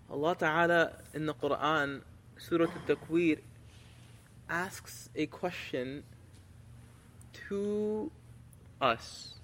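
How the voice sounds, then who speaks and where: A man's voice: fairly high pitch, slow, long pauses, a bit bright, long reverb tail, a little hiss or hum. A man preaching a sermon with passion, reciting Arabic scripture and building to emphatic rhetorical questions.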